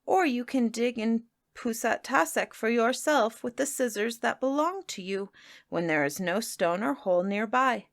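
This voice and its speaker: A woman voicing a calm, helpful little girl in a gentle, even way. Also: on the high side, moderate pace, no room sound, studio quality, lightly acted.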